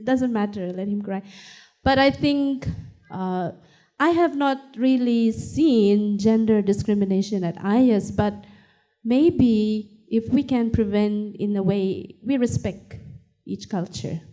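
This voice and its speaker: A woman on a discussion panel, a wife and mother, telling a family story in a slow, gentle way. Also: on the high side.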